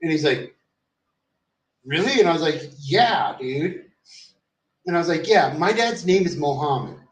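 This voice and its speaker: Speaking at a normal speed in a voice on the high side, this male vlogger rambles through a casual story, cursing often and letting sentences fade into fillers. He sits far from the microphone in an echoey room.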